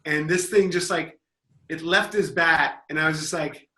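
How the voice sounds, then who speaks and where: A man's voice: a little high, steady tone, moderate pace, echoey room. A man on a comedy podcast panel telling a rambling story full of restarts. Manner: rambling, with many restarts and loud mocking impressions.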